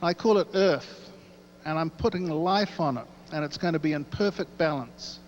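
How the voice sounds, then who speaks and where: A man voicing a calm, proud creator god in a joke, explaining his plans. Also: fairly high pitch, moderate pace, slight background noise, close to an everyday voice. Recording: echoey hall, dull sound.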